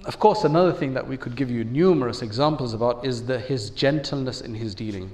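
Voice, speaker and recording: A man's voice: mid-range voice, brisk, a little mellow. A man giving an Islamic talk in a conversational way, asking listeners questions and acting out quotes. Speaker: preacher.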